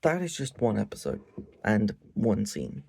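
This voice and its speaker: A man's voice: lowish voice, unhurried, vocal fry, a little hiss or hum. A man ranting casually and profanely about a show late at night. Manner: animated, profane, repetitive ranting. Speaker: anime reviewer.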